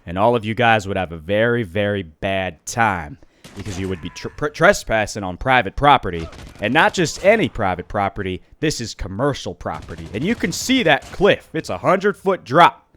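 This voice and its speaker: A man's voice: lowish voice, very animated, moderate pace, fairly bright tone, pitched below the performer's own voice. A man voicing a stern, irritated male sand mine owner who lectures and threatens.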